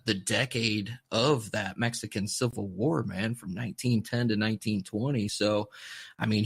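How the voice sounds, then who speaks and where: A man's voice: fairly low pitch, vocal fry, slightly rough. A man hosting a podcast in casual chat, telling a history story in a rambling, swearing way. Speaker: podcast host.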